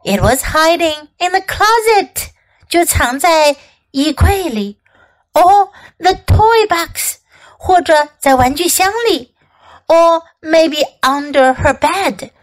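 Woman teacher reading a kids story, high voice, goes up and down a lot, takes it slow. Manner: slow, expressive read-aloud, repeating each sentence. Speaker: English teacher. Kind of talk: bilingual storybook reading and lesson.

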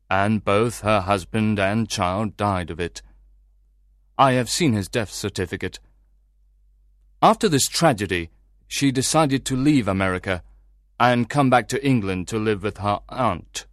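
A man plays a worried middle-aged merchant in a storybook audio drama, earnest as he asks for help. He speaks at a middle pitch and lays out his account in steady, measured sentences. The recording is close and dry. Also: no echo, close to an everyday voice.

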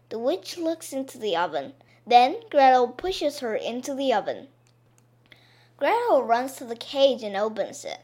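A woman narrating a children's story in a clear, expressive way, made simple for learners. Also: fairly high pitch, unhurried.

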